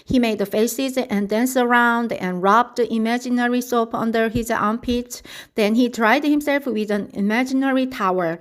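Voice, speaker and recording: A woman's voice: fairly high pitch, steady tone, normal speed. Woman reading a children's storybook.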